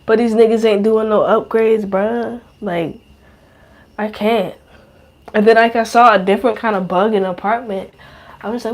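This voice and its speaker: A young woman talks straight into a podcast mic in a loose, rambling monologue. Her speech is slangy and heavy with cursing and fillers, and her pitch sits in the middle range for a woman. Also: steady tone, normal speed. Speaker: podcast host. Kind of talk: casual monologue.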